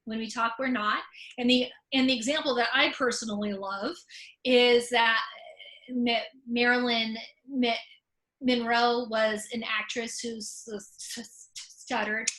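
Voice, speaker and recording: A woman's voice: a little high, steady tone, unhurried, a bit bright, poor audio. A woman, an author and comedian, talking frankly and with humor over a video call, with a stutter that repeats the first sounds of words. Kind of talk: conversational talk.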